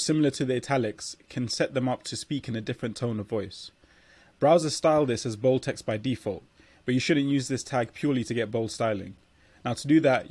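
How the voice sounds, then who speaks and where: A man's voice: mid-range voice, a little mellow, dry recording. A man teaching a coding lesson, explaining steadily as he walks through examples on screen and sometimes restarting a phrase while typing. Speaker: coding tutor. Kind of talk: screen-recorded coding tutorial.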